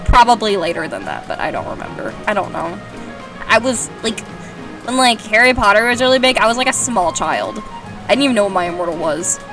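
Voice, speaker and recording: A woman's voice: medium pitch, very animated, fairly quick, over music. A woman with an Irish accent, chatting casually and sarcastically while reading fanfiction aloud, rambling and giggling. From Ireland. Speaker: host.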